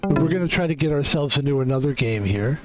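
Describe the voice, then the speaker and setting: A man from the East Coast of the US giving casual game commentary as a streamer, slightly hoarse from a sore throat, relaxed and chatty. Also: on the high side, quick pace. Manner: relaxed, chatty, self-described cozy. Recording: music playing underneath.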